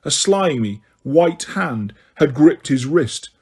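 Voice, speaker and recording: A man narrating an audiobook in a steady, measured way. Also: on the high side, breathy edge.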